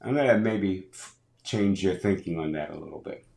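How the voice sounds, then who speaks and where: A man's voice: deep voice, moderate pace, creaky. A man in his sixties, a guest on a podcast interview, talking with energy and acting out dialogue in his stories. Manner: energetic storyteller who acts out dialogue. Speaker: guest, business advisor and speaker. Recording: roomy echo.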